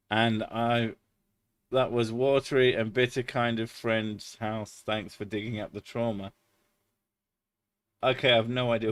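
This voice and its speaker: A man's voice: fairly low pitch, dry recording. A man chatting casually on a live stream, swearing freely and laughing often.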